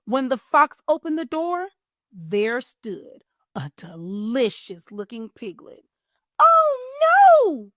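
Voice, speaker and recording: A middle-aged woman hosting a children's storytime and reading a picture book aloud with an animated, expressive teacher's manner. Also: on the high side, takes it slowly, no room sound, clean studio sound. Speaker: host and children's story reader.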